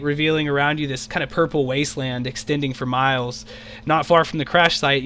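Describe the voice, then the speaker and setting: A man narrates an online tabletop session as the dungeon master. His voice sits a bit high and has a bright, forceful edge. He rambles through the scene with plenty of fillers. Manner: rambling, filler-heavy, quick to shout out character lines. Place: home, on an online voice call.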